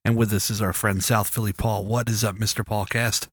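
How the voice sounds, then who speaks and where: A man with a fairly low voice and a level tone talks a little fast, his nose stuffy from a cold. As host of a casual podcast, he rambles, jokes, steers the conversation, and bosses his co-host. The recording is dry, clean studio sound.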